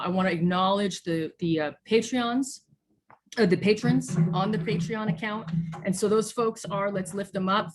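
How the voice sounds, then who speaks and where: Earnest low-voiced woman pastor. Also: a little hiss or hum. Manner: earnest, preacherly, thanks people by name. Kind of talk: online church service. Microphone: video call.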